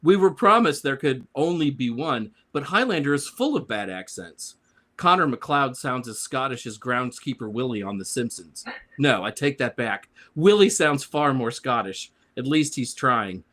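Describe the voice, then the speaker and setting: A man's voice: mid-range voice, lively intonation, moderate pace, fairly bright tone. A man on a discussion panel reading his prepared comic review aloud in a sarcastic, grumbling way.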